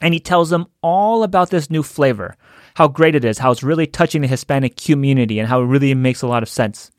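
Brief: man, mid-pitched, casual storyteller who chuckles now and then, close and dry. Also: fast, no room sound. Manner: conversational, chuckles while telling. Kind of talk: storytelling talk.

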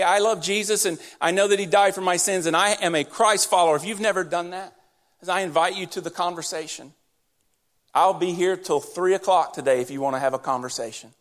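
A man preaching a sermon in church, talking directly and conversationally to his congregation as their pastor. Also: high-pitched. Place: church sanctuary during service.

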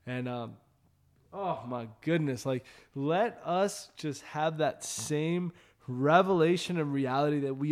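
A man's voice: fairly high pitch, takes it slowly. A man hosting a ministry show, telling an evangelism testimony in an earnest, rambling way with many fillers and restarts.

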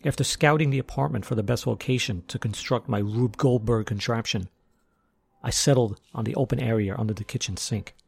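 A man's voice: mid-range voice, a little fast, vocal fry, slightly rough. A man narrating a first-person story in a wry, tough-guy manner.

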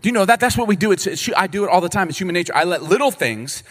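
Animated man preaching in a reverberant hall. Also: high-pitched. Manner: animated, conversational preaching with quick asides and acted-out dialogue. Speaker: pastor. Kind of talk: sermon. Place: church sanctuary.

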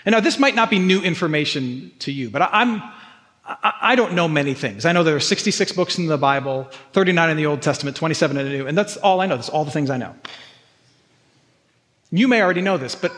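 A male pastor preaches a sermon earnestly, often repeating words to press his point. His voice sits high with a fairly bright tone, and a long reverb tail trails it.

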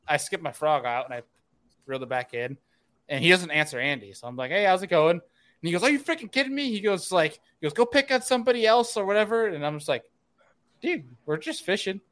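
A man in casual chat, telling a fishing story in an animated way and laughing often. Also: fairly high pitch, normal speed.

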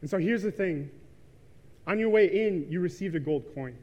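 A man's voice: sits high, animated, moderate pace, a little mellow. A man in his thirties preaching a sermon in a church, telling a story casually with lots of ums and likes. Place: church sanctuary. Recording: reverberant church hall.

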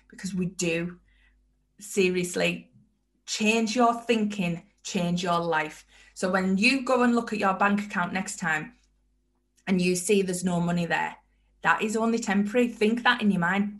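A woman's voice: mid-range voice, a little slow, a bit bright. A woman hosting a motivational self-help talk, emphatic and fond of repeating her key phrases. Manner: emphatic, repeats phrases, acts out inner voices. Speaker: podcast host.

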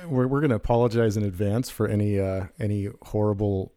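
A man's voice: on the low side, steady tone, brisk, mellow. A man co-hosting a podcast in easygoing, joking casual chat. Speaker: podcast co-host.

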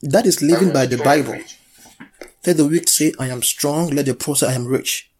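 A man's voice: a little high, normal speed, a little mellow, husky. A man preaching a sermon, urging and leading the congregation in call-and-response. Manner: exhorting, leads call-and-response.

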